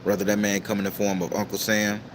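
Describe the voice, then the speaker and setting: A man hosting a casual livestream and reading out viewer comments, talking in a profane, preachy, emphatic way with sudden high-pitched outbursts. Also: level tone, fast, noisy background. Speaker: tarot reader and livestream host.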